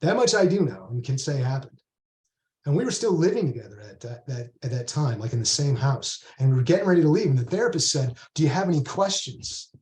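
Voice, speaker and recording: A man's voice: medium pitch, big pitch swings, quick pace, darkish tone, roomy sound. A man, the author, reading aloud a rambling first-person monologue from his book, full of conversational asides.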